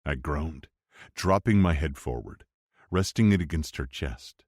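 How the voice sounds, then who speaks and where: Deep-voiced man narrating a romance audiobook. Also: normal speed, no echo, studio quality. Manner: expressive storytelling, wide swings for dialogue. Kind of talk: scripted first-person narration.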